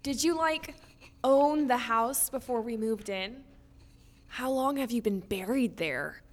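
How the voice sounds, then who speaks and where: A dramatic, death-obsessed teenage girl, played by a woman in an audio drama. She sighs and broods, her voice high and bright, swooping widely. She speaks slowly and moodily. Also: very noisy. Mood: chattering. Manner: sighing, moody, breathless when excited.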